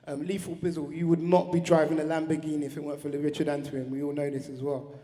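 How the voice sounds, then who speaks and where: A man's voice: a little high, level tone, quick pace, warm tone. A man giving a heartfelt, slangy tribute speech on stage at an awards ceremony. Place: large awards venue hall. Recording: reverberant hall.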